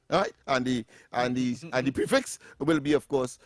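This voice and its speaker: A man's voice: medium pitch, expressive, normal speed, few pauses, dry recording. A man hosting a morning talk radio show, bantering, laughing often and repeating words as he works through them.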